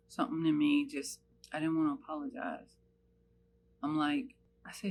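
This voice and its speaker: A woman's voice: low voice, fairly even intonation, normal speed, slight background noise. A woman from the United States telling a personal story in an earnest, searching way, with many fillers and restarts.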